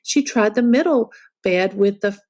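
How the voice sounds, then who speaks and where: A woman reading a picture book aloud to children, telling it as an expressive storyteller. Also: medium pitch, a little slow.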